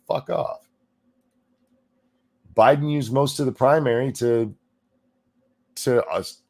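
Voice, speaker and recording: A man's voice: mid-range voice, creaky, darkish tone. A man hosting a profane, sarcastic political commentary rant over video clips. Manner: sarcastic, profane, mocking mimicry.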